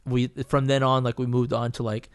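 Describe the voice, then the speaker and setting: A man's voice: mid-range voice, flat delivery, fairly quick, clear, resonant tone. A man, a painter and podcast guest, telling a story in casual chat, swearing freely and rambling through fillers and restarts.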